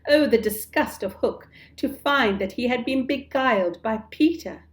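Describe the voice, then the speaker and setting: A woman narrating a children's storybook in a calm, measured, deliberate reading. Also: fairly high pitch. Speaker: storybook reader.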